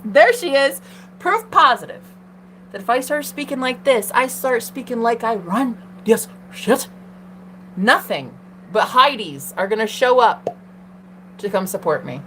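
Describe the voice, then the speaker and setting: Sassy young woman on a tarot livestream, high lively voice, swears a lot, faint hum behind her. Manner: sassy, swearing, talks to herself and chat. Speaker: tarot reader and livestream host. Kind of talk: casual livestream monologue.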